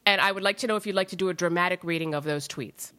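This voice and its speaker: A woman's voice: fairly low pitch, very fast, sharp tone. A woman interviewer asking playful, teasing questions in a casual chat.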